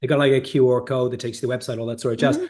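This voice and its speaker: A man talking as an interview guest, his voice sitting at an ordinary middle pitch. He rambles in long loose runs, restarts his sentences and checks in with "right?". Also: flat delivery, very fast, a little mellow. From Ireland. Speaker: guest, whiskey company founder. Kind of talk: casual interview conversation.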